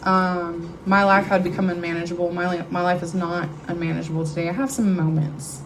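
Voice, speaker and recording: At a recovery meeting, a middle-aged woman speaks briskly to a live audience in a meeting room, sharing a personal testimony with candor and emotion in conversational storytelling. Her low voice shows little pitch movement, and the rough recording has slight background noise.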